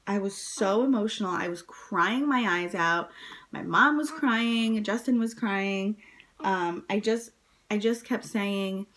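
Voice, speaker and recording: A woman's voice: slow, fairly bright tone. Chatty woman telling a personal story. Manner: chatty, many fillers, acts out quotes in a high voice. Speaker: vlogger telling her birth story. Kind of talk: casual personal storytelling to camera.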